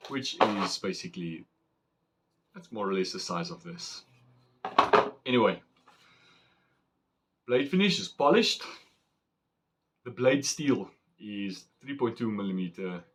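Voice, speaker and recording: Male knife reviewer, low and slow delivery, casual and rambling. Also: a little hiss or hum. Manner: chatty and excitable, rambling with fillers. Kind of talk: casual unboxing chat.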